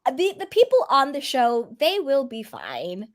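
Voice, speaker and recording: High-pitched woman hosting a chat. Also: unhurried. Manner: animated, laughing often. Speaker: host. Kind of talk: casual chat.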